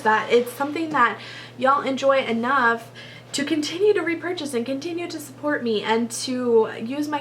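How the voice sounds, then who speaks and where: Speaking to her viewers in a chatty, gushing vlog, a woman from Texas laughs a lot and strings together long run-on sentences. Her voice is fairly high and slightly bright, and the recording carries some hiss or hum.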